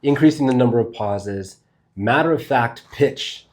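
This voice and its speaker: A man's voice: mid-range voice, measured pace, darkish tone. A man giving a casual spoken lesson to camera as a speaking coach, loose and conversational, swearing now and then and thinking aloud as he goes.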